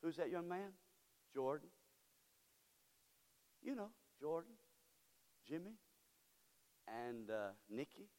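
A man preaching a sermon as pastor, moving from quiet storytelling to shouted, impassioned praise. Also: a little high, very animated, slow pace, pauses often. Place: church sanctuary. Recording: church hall with long reverb.

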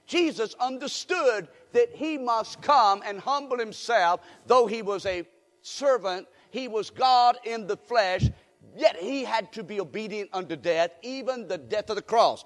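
A male pastor preaching a sermon in a church, with call-and-response and rising shouts. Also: sits high, animated, normal speed, big-room sound. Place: church sanctuary.

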